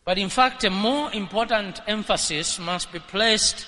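Male preacher, bright high voice, deliberate and emphatic sermon delivery. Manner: emphatic, rising to shouts at peaks. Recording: long hall reverb.

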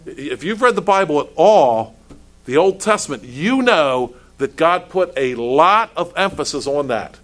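A man's voice: a little high, expressive, measured pace, fairly bright tone. A male pastor preaching a sermon, asking pointed rhetorical questions and stumbling over restarts as he builds his points.

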